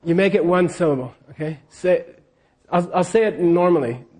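The man leading this scripture lesson has a high voice with a darkish tone and talks at normal speed. He repeatedly checks in with his students while they echo lines back to him.

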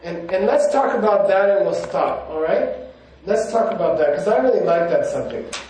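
A man's voice: high voice, lively intonation, normal speed, a little mellow. A man, a monk, giving a casual spiritual talk full of personal stories, rambling and conversational with many "you know"s. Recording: very echoey room, mic far off.

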